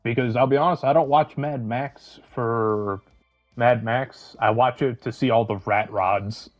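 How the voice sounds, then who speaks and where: A man's voice: medium pitch, steady tone, a little slow, no room sound, dull audio, soft background music. Laid-back joking man, dry sound. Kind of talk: casual online chat.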